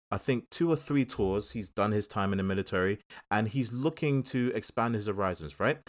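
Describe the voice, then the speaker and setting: A man with a South East London accent, co-hosting a casual film review chat and acting out little quotes as he retells the plot. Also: fairly low pitch. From England. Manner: animated storyteller, acts out quotes. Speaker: film podcast co-host.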